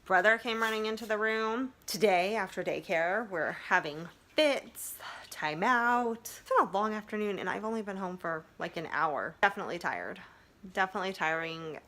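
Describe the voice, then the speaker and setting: Woman, home vlogger; candid, confiding chat straight to camera, sharp bright tone. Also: fairly low pitch, expressive, moderate pace. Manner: open, confiding, talks about feelings. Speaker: mom vlogger. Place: family home.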